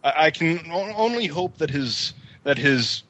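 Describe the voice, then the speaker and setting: A man's voice: on the high side, animated, a little slow, a crowd in the background. A man co-hosting a casual podcast, tossing in quippy joking asides. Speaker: podcast co-host. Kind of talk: casual chat.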